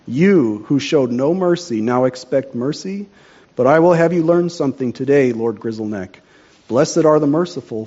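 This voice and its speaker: A man's voice: mid-range voice, mellow, muffled recording, natural voice. A man voicing a stern, just old king in a storybook reading, speaking in a solemn, commanding way.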